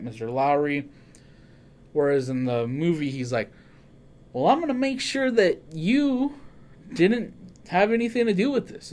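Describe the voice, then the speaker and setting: A man hosting a casual horror podcast. He talks in an excitable way, swears freely and often corrects himself mid-sentence. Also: mid-range voice. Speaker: podcast host.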